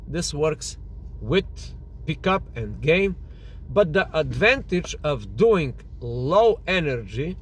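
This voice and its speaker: A man's voice: a little high, slight background noise. A man coaching on dating and social tactics, explaining each point with examples. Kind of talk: instructional monologue.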